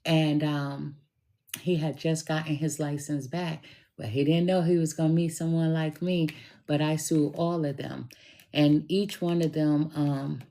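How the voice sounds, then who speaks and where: Middle-aged woman, low mellow voice, unhurried storyteller talking straight to camera. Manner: slow, deliberate and emphatic, addresses listener directly. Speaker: tarot reader telling a personal story. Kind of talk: casual storytelling monologue.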